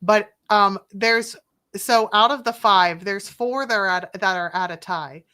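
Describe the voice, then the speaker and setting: A woman's voice: medium pitch, measured pace, bright, forceful tone. A woman co-hosting a casual livestream chat, chatty as she reads out lists.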